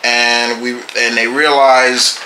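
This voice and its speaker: Slow-talking man with a bright, sharp voice. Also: medium pitch, flat delivery, roomy sound, slight background noise, low-quality recording. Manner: halting, repeats and restarts phrases. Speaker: comic book reviewer. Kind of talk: casual video review.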